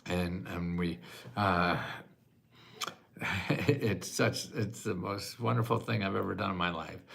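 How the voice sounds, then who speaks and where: An American man in his eighties hosting a casual livestream chat, self-mocking and quick to laugh, sometimes choking up with emotion. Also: sits low, creaky, a bit bright. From United States. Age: 80s. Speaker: host answering viewer questions.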